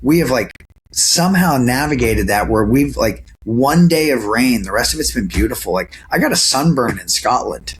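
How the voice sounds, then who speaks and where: Here the guest actor, at home by his camera on a video call, chats earnestly with plenty of fillers and false starts. His medium-pitched voice has lively intonation at a moderate pace, and a bit of background noise is audible.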